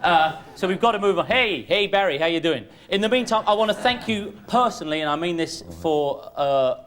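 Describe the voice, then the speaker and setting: A man hosting a comic chat show, excitable, stammering and laughing loudly. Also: sits high, a little fast.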